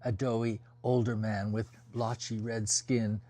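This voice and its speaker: A man reading a first-person novel aloud as an audiobook, in a measured, descriptive storytelling manner. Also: fairly low pitch, flat delivery, mellow. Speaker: audiobook reader.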